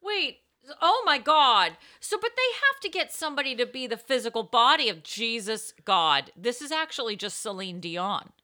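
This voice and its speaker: Young woman hosting a comedy podcast, bright sharp voice, giggly, pitch jumps all over. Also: big pitch swings, moderate pace, hardly any pauses. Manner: giggly, loud, bursting into laughter. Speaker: podcast host. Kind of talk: casual comedy podcast chat.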